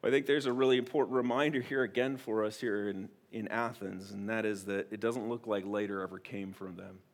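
With a lowish voice, fairly even intonation and a slightly fast pace, a pastor preaches directly and earnestly to his church. He alternates soft, intimate pleas with loud, forceful declarations.

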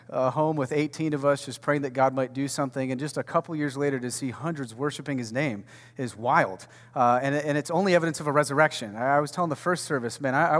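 A man preaching a conversational sermon as pastor, swinging from loud to hushed and repeating words as he goes. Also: a little high. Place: warehouse church hall. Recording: long reverb of a large hall.

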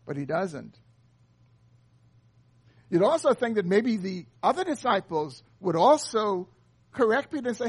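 High-voiced man preaching a sermon. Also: big pitch swings, moderate pace, gravelly, long pauses, slightly rough. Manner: earnest expository preaching. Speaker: pastor.

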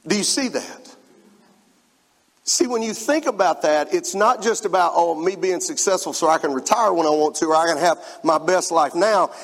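A man's voice: on the high side, normal speed. A man preaching a sermon to his congregation, emphatic and calling out to the room as he reads scripture. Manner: emphatic, rising and falling in loudness, with spoken asides to the congregation. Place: church sanctuary. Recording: preached in a large hall with long reverb.

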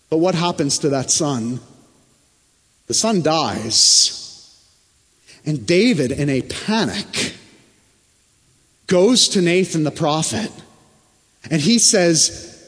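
A man preaching a sermon from the pulpit. He is emphatic and often sinks to a hushed, low tone. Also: husky. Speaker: pastor. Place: church sanctuary. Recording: long church reverb.

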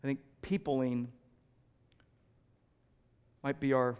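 A middle-aged male pastor preaching a sermon, swinging between loud emphasis and quiet, close asides. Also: medium pitch, little pitch movement, takes it slowly, clear, resonant tone, dull audio.

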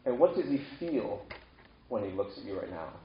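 A man's voice: fairly low pitch, very animated, normal speed, a little hiss or hum. A man gives a sermon in a loose, conversational way and keeps putting questions to his listeners. His voice rings in an echoey room, and the recording sounds dull and lo-fi. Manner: conversational preaching with rhetorical questions. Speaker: pastor.

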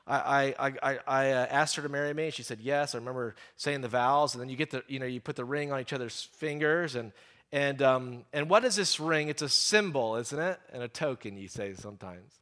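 A middle-aged man preaching a sermon, stressing key phrases slowly and often repeating words as he talks. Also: medium pitch, a bit bright.

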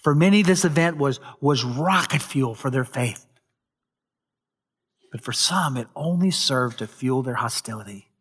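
A male pastor preaching a sermon, retelling a scripture story with dramatic emphasis and occasional loud peaks. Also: mid-range voice, expressive, measured pace, slightly rough.

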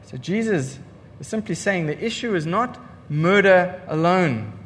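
Emphatic preacher with lively high voice. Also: male voice, moderate pace, in a large hall. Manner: emphatic, repeats key lines for effect; rhetorical questions to the congregation. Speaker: pastor. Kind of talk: sermon.

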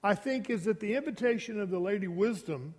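A male pastor with a notably high voice delivers an emphatic sermon. He keeps repeating key phrases and throwing rhetorical questions at the congregation. His words ring out with a long reverb tail in a large church hall. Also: lively intonation, a little fast, a little mellow.

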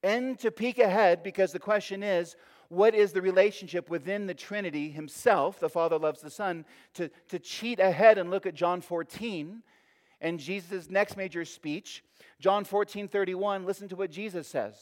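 Preacher in a long-reverb hall. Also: male voice, sits high, moderate pace. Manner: emphatic, rising and falling, repeating phrases for effect. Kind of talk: sermon.

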